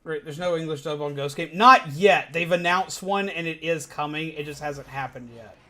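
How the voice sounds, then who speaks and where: Young guy gaming stream, high pitched voice, rambles and swears a lot. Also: normal speed. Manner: rambling, animated, swears freely. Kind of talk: casual gaming commentary.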